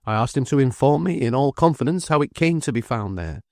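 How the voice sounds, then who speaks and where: A man voicing a brisk, decisive middle-aged defence lawyer who speaks quickly and with emphasis. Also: medium pitch, animated, darkish tone, dry recording, clean studio sound, voice pushed up, natural voice.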